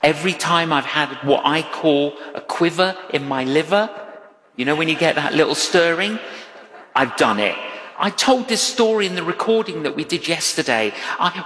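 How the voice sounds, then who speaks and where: Animated male preacher in a reverberant hall. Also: a little high, moderate pace. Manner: animated storytelling with acted-out quotes. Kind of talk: sermon.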